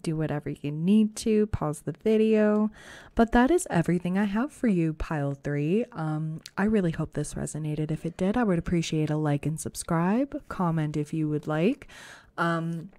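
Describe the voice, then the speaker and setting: A woman giving a casual, chatty pick-a-card tarot reading, reassuring and full of fillers, her voice a bit rough today. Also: low voice, normal speed, warm tone, no room sound. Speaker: tarot reader.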